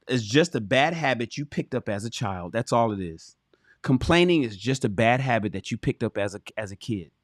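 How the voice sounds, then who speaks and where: Animated, blunt-talking man host. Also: mid-range voice, no echo, studio quality. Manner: animated, profane, emphatic, addresses chat directly. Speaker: livestream host reading his own relationship book. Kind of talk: reading aloud with blunt commentary.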